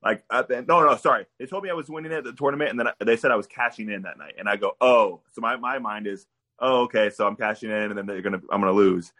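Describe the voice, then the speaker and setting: A man's voice: lowish voice, fast, sharp tone. A man telling a story on a casual podcast, laughing as he goes. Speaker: guest wrestler.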